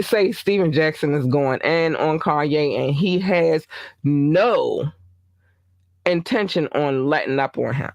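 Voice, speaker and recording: A woman's voice: sits low, unhurried, a little mellow, no room sound. A woman hosting a casual gossip podcast, chatty with many fillers and asides. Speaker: podcast host.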